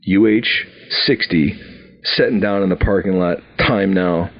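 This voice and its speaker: A man in his sixties from Wisconsin tells his own story on a podcast, with a fairly low voice. He acts out the dialogue and restarts his sentences often. The audio is somewhat dull and lo-fi. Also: unhurried, soft background music. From Wisconsin, USA. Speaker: company founder telling his story.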